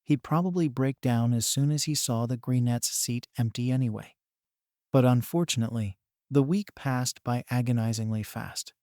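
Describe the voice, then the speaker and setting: A man narrating a fan-written story in a steady, even reading. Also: mid-range voice, moderate pace, no echo, studio quality.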